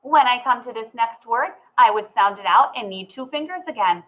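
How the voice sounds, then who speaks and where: A woman teaching a children's phonics lesson, cheerful and slow, talking straight to the child. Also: fairly high pitch, lively intonation, fairly bright tone, rough recording. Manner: cheerful, slow and sing-song, talks to the child. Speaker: reading teacher.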